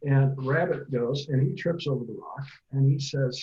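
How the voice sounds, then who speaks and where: Middle-aged man, mellow, muffled call audio. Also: medium pitch, normal speed, few pauses, slight background noise. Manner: casual storytelling, many fillers. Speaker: family therapist and author. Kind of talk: online parent talk.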